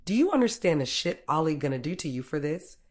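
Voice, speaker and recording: A woman's voice: low voice, big pitch swings, fast talker, a little mellow. A woman voicing a streetwise young woman who curses and talks sternly and defiantly in a story reading. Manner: stern, profane, blustering. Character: tough, streetwise young woman, cursing, scared but defiant.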